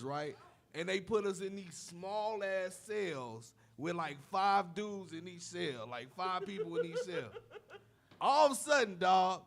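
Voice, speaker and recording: A man co-hosting a podcast, telling profane stories in an animated, laughing way. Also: sits high, gravelly. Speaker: podcast co-host. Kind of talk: casual storytelling chat.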